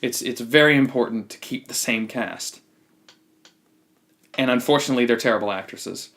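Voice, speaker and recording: A man's voice: mid-range voice, moderate pace, a bit bright. Blunt, opinionated man reviewing a movie. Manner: opinionated, blunt, frequent restarts. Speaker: podcast host. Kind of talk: casual movie review chat.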